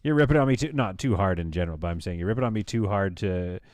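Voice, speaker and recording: Rambling thirties male streamer, deep voice, dry and close. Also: fast, a little mellow, dry recording. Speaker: live streamer. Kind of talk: casual live-stream chat while building.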